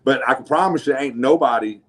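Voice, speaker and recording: A man's voice: medium pitch, a little fast, a bit bright. A man with a New Orleans accent hosting a casual podcast, talking loosely, laughing and swearing freely with frequent restarts. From New Orleans area. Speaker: podcast host.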